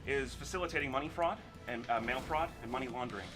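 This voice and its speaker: A man journalist lays out a case quickly, with plenty of fillers. His voice sits in a middle range. He talks fast and to the point. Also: mid-range voice, music in the background. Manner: brisk explaining, with fillers. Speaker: independent journalist.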